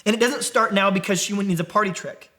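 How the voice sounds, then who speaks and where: A man's voice: sits high, fast talker. A man leading a conversational Bible teaching for a young adult group, often asking the listeners questions. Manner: animated, asks the group questions. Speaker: young adult ministry preacher.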